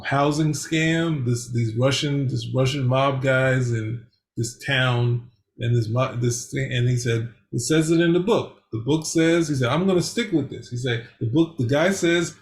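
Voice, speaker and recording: Gravelly-voiced rambling man. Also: mid-range voice, a little slow. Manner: rambling, hesitant, many fillers. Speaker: podcast co-host. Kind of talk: casual chat.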